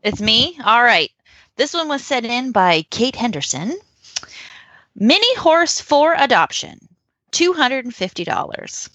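Woman podcast guest, joking, bright and animated, dry sound. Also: on the high side, unhurried, no room sound. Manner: playful, joking, reads ads aloud. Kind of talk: casual chat.

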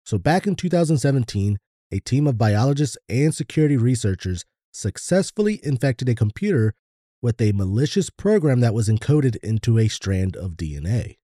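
Laid-back man with a dark voice. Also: mid-range voice, big pitch swings, moderate pace, no room sound, studio quality. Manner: laid-back, swears casually. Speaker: podcast co-host. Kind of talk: casual podcast chat.

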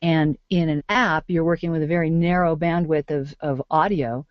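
A woman speaking as a guest in a casual interview, chatty and playful, telling stories with lively energy. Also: low voice, moderate pace, muffled recording. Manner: chatty, playful, animated storyteller. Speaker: interview guest, voice-over artist and photographer.

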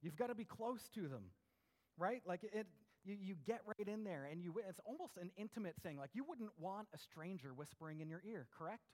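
A man's voice: high-pitched, lively intonation, a little fast, darkish tone. A middle-aged man preaching a sermon in a conversational way, often checking in with "right?" and acting out voices. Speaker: pastor.

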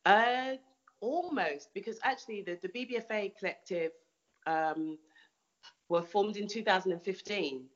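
A woman's voice: medium pitch, measured pace, lo-fi sound. A woman artist answering interview questions thoughtfully, often restarting and repeating words.

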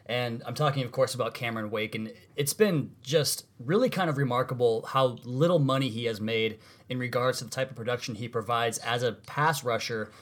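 A man hosting a sports podcast, talking casually and quickly, correcting himself as he goes. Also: medium pitch, fairly bright tone. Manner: fast, conversational, self-correcting. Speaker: podcast host.

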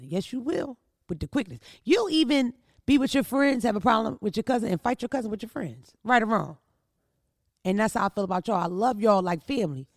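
A woman hosts her own podcast in a brash, profane comedic monologue, spinning stories with sudden outbursts. Her voice has a gravelly, fried texture and swings widely in pitch. The sound is dry and close, with no room behind it. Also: dry recording. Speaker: podcast host.

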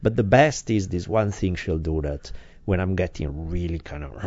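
A man's voice: low voice, normal speed, a little mellow, dry recording. A man co-hosting a podcast, talking candidly in casual chat, self-deprecating and swearing freely. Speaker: podcast co-host. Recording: slightly dull lo-fi sound.

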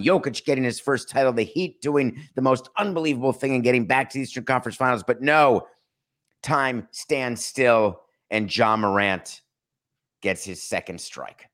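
A man's voice: medium pitch, fairly bright tone. Sarcastic male sports podcast host. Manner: dry, mocking, deliberate pauses for emphasis.

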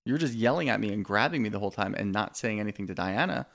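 A man's voice: lowish voice, lively intonation, quick pace, gravelly, a bit bright. A man co-hosting a podcast, chatting casually and candidly about a reality show, swearing freely. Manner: candid, swears freely, quotes cast members. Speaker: podcast co-host. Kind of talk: casual reality TV recap chat.

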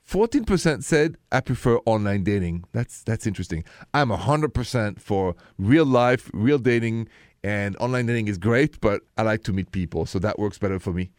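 A man's voice: on the low side, lively intonation, moderate pace, no room sound, studio quality. A man with a French accent hosting a call-in radio show, giving frank, direct relationship advice.

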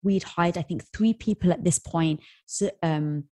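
Guest, woman, 40s, husky, dry studio sound, animated storyteller. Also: lowish voice, a little slow, dry recording. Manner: animated storyteller, acts out quotes. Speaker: podcast guest, entrepreneur. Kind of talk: casual interview storytelling.

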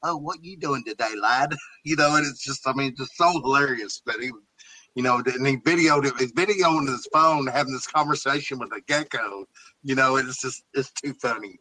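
A man's voice: medium pitch, normal speed, pushed and bright, poor audio. A man co-hosting an interview, recounting an anecdote with chuckles. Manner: storytelling, chuckling. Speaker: co-host. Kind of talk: interview conversation.

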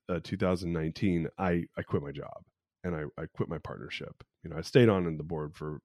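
Low-voiced man in his forties, solo podcast host, candid rambling storyteller, dry close sound. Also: darkish tone, dry recording. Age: 40s. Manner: candid, rambling, with frequent restarts and fillers.

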